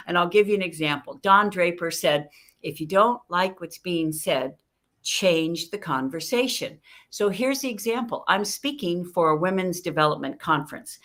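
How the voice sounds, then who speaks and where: Middle-aged lady explaining talk tips, lively, plays out both voices in quick back and forth. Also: medium pitch. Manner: lively, acts out both sides of conversations. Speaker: guest communication expert. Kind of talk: animated teaching with acted-out dialogue.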